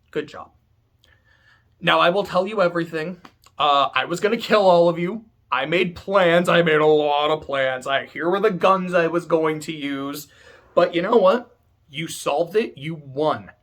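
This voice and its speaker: A man's voice: a little high, unhurried, fairly bright tone. A man voicing a smug, scheming witch who runs a deadly game, in a flippant, casual paraphrase.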